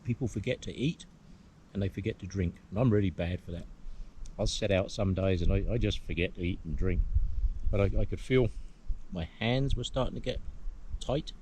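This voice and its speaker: Low and darkish in tone, at a moderate pace, an Englishman vlogs while hiking a hillside. His commentary is casual and rambling, full of hums as he muses to the camera, with slight background noise around him.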